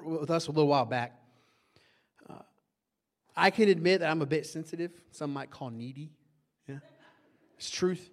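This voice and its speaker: A middle-aged man preaching a sermon, telling a story from his own marriage with animated energy. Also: high-pitched. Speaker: pastor.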